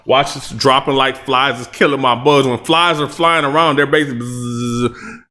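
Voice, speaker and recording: A man reacting to a rap track, breaking down the lyrics line by line in a casual, excitable way with hype shouts. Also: mid-range voice, moderate pace. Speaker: music reaction host.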